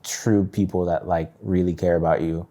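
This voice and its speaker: A man's voice: low voice, fairly even intonation, normal speed, warm tone. A young adult man chatting as a podcast guest in a laid-back way, saying "bro" and "man" often. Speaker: guest musician. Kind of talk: casual chat.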